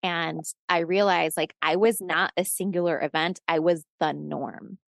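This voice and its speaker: Gravelly low-voiced woman telling a story. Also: a little slow, no echo, clean studio sound. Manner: animated storyteller who acts out quoted dialogue; swears and laughs often. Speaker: podcast guest. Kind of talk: storytelling in casual conversation.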